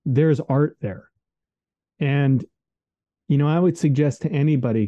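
A man's voice: medium pitch, dark tone, no echo. A man hosting a podcast, rambling earnestly in casual reflective chat, leaning on "like" and "man". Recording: dull lo-fi dry recording.

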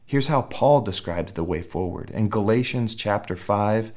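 A man with a fairly low voice delivers a sermon in a relaxed, conversational style. He restarts phrases as he goes and slips into short acted quotes to make his points. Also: measured pace. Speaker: pastor.

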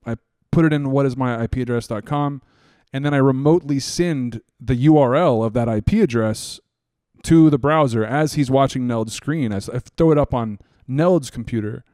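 A young man co-hosting a podcast, telling stories in casual chat. He rambles, repeats words and gets excited. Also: mid-range voice, moderate pace, no echo, studio quality. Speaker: podcast co-host, scam baiter.

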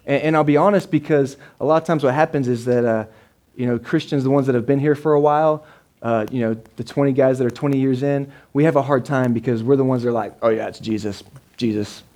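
A man's voice: medium pitch, steady tone, quick pace, darkish tone. Conversational pastor, man. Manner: conversational, repeats words, keeps checking in with the congregation. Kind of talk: sermon. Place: church service with a live congregation.

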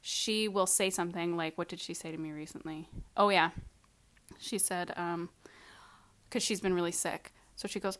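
A woman's voice: fairly low pitch, moderate pace, fairly bright tone. A woman in her thirties co-hosting a podcast, telling stories in casual chat with exasperated, sweary outbursts. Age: 30s. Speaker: podcast co-host.

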